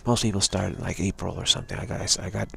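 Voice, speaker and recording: Deep raspy guy doing a live stream spiritual ramble, lots of repeats. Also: fairly even intonation, fast talker, sharp tone. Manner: repetitive, stumbling restarts, earnest. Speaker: spiritual teacher.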